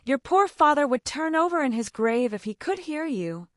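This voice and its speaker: A woman's voice: high-pitched, very animated, moderate pace, dry recording, clean studio sound, voice pushed up. A woman reading the part of a distressed mother who sobs and moans her complaints. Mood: tearful. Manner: moaning, sobbing complaint. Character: tearful, fretful middle-aged mother.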